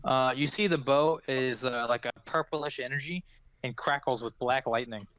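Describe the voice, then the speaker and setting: A man's voice: mid-range voice, moderate pace, fairly bright tone, clear, resonant tone, no room sound. A man narrating a tabletop game as game master, rambling with many fillers.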